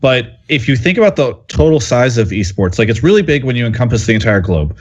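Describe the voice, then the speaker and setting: A man's voice: mid-range voice, sing-song, fast talker. A male journalist on a podcast panel, reasoning at length with many fillers, over an online call mic. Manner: talkative, filler-heavy reasoning. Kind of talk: casual panel discussion. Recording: slightly lo-fi audio.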